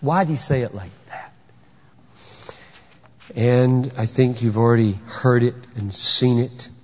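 Emphatic preacher man in a reverberant hall. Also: a little high. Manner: animated, emphatic, rhetorical questions, bursts of shouting. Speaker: pastor. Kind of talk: sermon. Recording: dull sound with long hall reverb.

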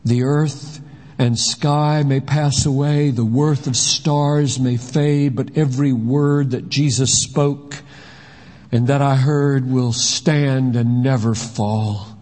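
A man voicing a grieving, remorseful male apostle in solemn, measured verse. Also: medium pitch, steady tone, darkish tone, lightly acted. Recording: long hall reverb.

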